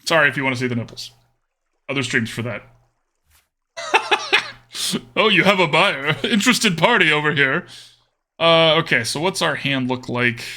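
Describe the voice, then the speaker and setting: A man talks through a live card game with a bright, sharp voice that swings widely up and down. He hams up a drawling cowboy-style accent for his viewers, joking and calling them "y'all" as he plays. His voice sits a little higher than most men's. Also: wildly swooping pitch, moderate pace, pauses often, slight background noise. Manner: joking, chatty, talks to chat with "y'all" and "friendo". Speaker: streamer. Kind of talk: live-stream commentary while playing a card game.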